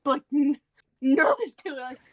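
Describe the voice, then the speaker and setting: A woman's voice: high voice, normal speed, muffled recording, a crowd in the background. A woman player in a tabletop role-playing game, joking and laughing with the table. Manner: playful, giggly banter.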